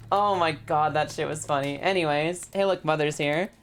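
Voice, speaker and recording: A woman's voice: deep voice, noisy background. A woman in her thirties streaming a game, chatting loosely, swearing freely and laughing through her stories. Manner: loud, crude, swears a lot, laughs often. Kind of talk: casual game commentary and storytelling.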